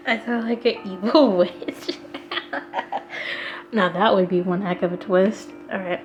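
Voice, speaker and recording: A woman's voice: medium pitch, slow pace, long pauses, lo-fi sound. Gushing woman doing let's play commentary. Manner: gushing, excitable, laughs often. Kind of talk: casual game commentary. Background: game music.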